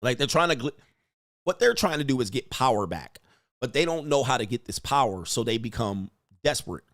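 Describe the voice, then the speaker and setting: A man of average pitch hosting a casual livestream, ranting bluntly and crudely between reading viewer messages aloud. His voice is recorded close and dry, with no room sound. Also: very animated, fairly quick, a bit bright, dry recording. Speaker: livestream host reading donations.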